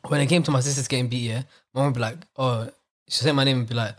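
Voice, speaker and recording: A man's voice: medium pitch, fairly even intonation. A man, co-hosting a podcast and joking through stories in casual chat. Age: 20s. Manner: joking, quick storyteller. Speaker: podcast co-host.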